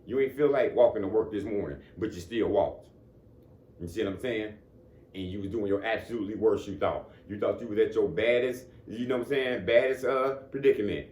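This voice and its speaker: A man gives a brisk, casual motivational talk in a lowish, slightly mellow voice, with a little hiss or hum and an echoey room. Conversational throughout, he keeps asking "you know what I'm saying" and chuckles between points.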